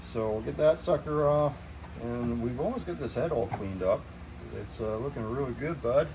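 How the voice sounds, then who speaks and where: A man's voice: medium pitch, normal speed, background noise. A man working as a mechanic, explaining an engine teardown in an easygoing, folksy way. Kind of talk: casual shop talk to camera. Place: garage workshop.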